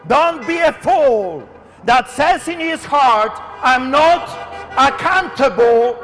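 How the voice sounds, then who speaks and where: High, fervent shouting street preacher man. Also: lively intonation, takes it slowly, big-room sound, soft background music. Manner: fervent, declamatory, often shouting. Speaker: street pastor. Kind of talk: open-air street sermon. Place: outdoors in the wind.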